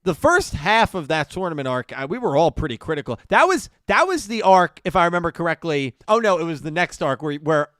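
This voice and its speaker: A young man hosting a casual podcast chat, enthusiastic and quick to laugh. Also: fairly high pitch, very animated, fairly bright tone, dry recording. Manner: enthusiastic, laughs often, reads chat donations. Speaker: podcast host.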